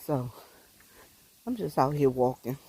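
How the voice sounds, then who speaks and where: A woman's voice: extremely low pitch, expressive, measured pace, mellow, a little hiss or hum. A woman talking casually to viewers on a phone while walking outdoors, a bit out of breath and folksy and preachy in manner. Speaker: vlogger. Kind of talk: casual livestream walking talk. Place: outdoors on a rural road.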